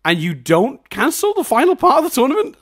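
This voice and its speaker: A man's voice: very high voice, fairly quick. A man co-hosting a podcast, ranting and swearing in a casual film review chat and laughing often as he talks. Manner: animated, swearing ranter; laughs often mid-sentence. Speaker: podcast co-host.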